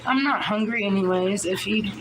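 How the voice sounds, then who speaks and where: A woman's voice: medium pitch, normal speed. Profane woman in a noisy stream clip. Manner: profane, insulting and snappy. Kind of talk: casual livestream talk. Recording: noisy livestream clip audio.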